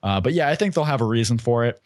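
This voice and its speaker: A man's voice: mid-range voice, animated, quick pace, darkish tone, no room sound, studio quality. A man co-hosting a casual podcast, thinking aloud and hedging his predictions. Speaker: podcast co-host.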